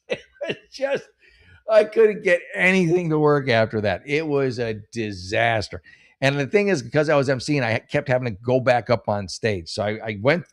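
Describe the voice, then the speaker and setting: Profane rambling comedian, low voice. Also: male voice. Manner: rambling, profane, self-mocking. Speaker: comedian hosting a podcast. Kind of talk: casual storytelling.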